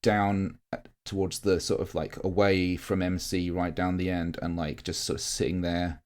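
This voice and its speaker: A man speaks in a low, level voice at a moderate pace, co-hosting a podcast. He is tearing up as he rambles through a long, heartfelt recollection of a live-action roleplay event, with plenty of fillers and restarts.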